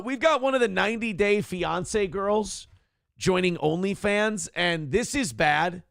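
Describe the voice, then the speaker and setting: A man's voice: on the high side, no room sound, clean studio sound. A man hosting a live-streamed morning talk show, rambling and mocking in casual commentary and reading out donors' messages. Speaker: livestream show host.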